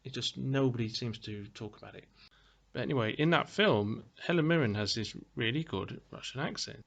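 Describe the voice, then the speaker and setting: A man talks through a film review in a loose, chatty way. He wanders between thoughts, restarting sentences and filling gaps with ums and uhs, at a pitch in the middle of the male range. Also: moderate pace, vocal fry, dull audio. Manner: chatty, meandering, many fillers and restarts. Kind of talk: casual spoken film review.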